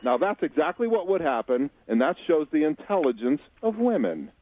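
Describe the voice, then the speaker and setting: A man's voice: fairly high pitch, very animated, moderate pace. A male radio show guest laying out his opinions in an assertive, lecturing way. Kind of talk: opinionated call-in commentary. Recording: tinny phone line.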